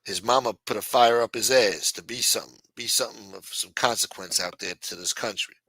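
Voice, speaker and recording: A man's voice: on the low side, a little fast, sharp tone, husky, no echo, rough recording. A man hosting a late-night talk show, ranting bluntly with lots of profanity. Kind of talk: casual talk-show rant.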